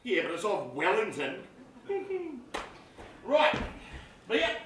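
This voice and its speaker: An actor playing a loud, crude Australian cricket fan with an Australian accent who swears freely and cracks crude jokes. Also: male voice, high voice, huge pitch swings, slow, full character voice. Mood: bantering. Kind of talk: comedy film acting. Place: outdoor cricket ground stands. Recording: echoey, distant mic, background noise.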